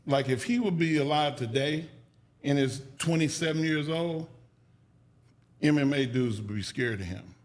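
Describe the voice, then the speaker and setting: A slightly high male voice at a moderate pace belongs to a podcast guest telling stories in an interview. Casual and profane, he gets animated and raises his voice when acting out the people he quotes.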